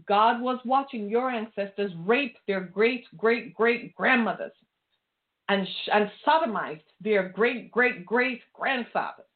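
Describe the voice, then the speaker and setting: A woman's voice: on the high side, slow. A woman preaching an impassioned sermon, pressing her listeners with pointed rhetorical questions. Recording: tinny phone-like line.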